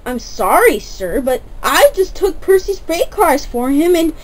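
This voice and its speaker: A woman voicing an eager, cheeky young male tank engine in a homemade toy-train story, excitable and quick to cry out. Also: high-pitched. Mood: alarmed. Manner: excitable, cries out in alarm.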